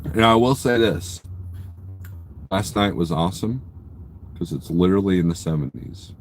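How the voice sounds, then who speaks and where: Low-voiced rambling trucker streamer. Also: male voice, expressive, moderate pace, faint music behind. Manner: rambling, joking, teasing viewers. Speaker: trucker livestreamer. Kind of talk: casual live-stream chat, reading viewer comments. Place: inside his parked truck at a truck stop.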